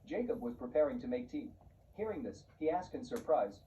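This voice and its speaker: A man giving a scripted story narration in a flat, even reading voice. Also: medium pitch, fairly quick. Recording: muffled, distant, faint hiss.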